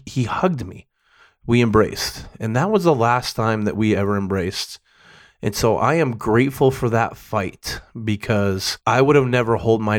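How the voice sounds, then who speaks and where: A middle-aged man giving a candid personal monologue, emotional and profane, rambling with restarts. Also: lowish voice.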